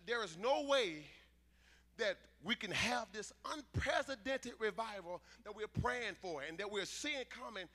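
A man preaching a sermon in church, emphatic and conversational, swinging between loud declarations and quieter asides. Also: very high voice. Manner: emphatic preaching, rising to shouts, dropping to asides. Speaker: pastor. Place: church sanctuary.

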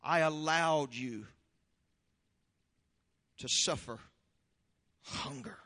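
A man preaching a sermon, leading prayer and praise with fervor, then reading scripture slowly and explaining it. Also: a little high, big-room sound. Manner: fervent, shouting praise then slow deliberate teaching. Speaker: pastor.

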